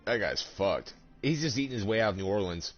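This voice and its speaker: A young man streaming a game from home, chatting casually and swearing a lot, laughing and working himself up into loud rants. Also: on the low side, brisk, faint music behind. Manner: animated and profane, laughing, rising to loud excited rants. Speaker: gaming streamer. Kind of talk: casual chat while streaming. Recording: dull lo-fi stream audio.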